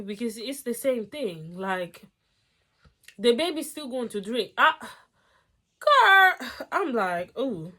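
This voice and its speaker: A woman's voice: fairly high pitch, big pitch swings, takes it slowly, bright, forceful tone. A young woman reading online posts aloud and reacting in a casual, outspoken way, swearing and getting heated. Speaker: storytime reactor.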